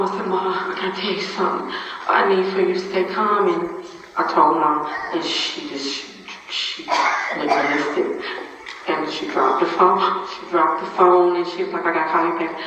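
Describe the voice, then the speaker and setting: A grieving mother in her forties giving a halting, repetitive account in a church, acting out the dialogue of the people she talked to. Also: medium pitch, noisy background. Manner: halting, repeats herself, speaks out quoted dialogue. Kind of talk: emotional spoken testimony. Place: church hall. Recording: echoey hall, distant, dull sound.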